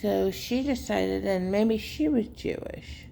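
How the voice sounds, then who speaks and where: A woman telling viewers a rambling family story in a casual, unhurried way with many fillers. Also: medium pitch, creaky, mellow, slight background noise. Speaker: vlogger, caregiver daughter.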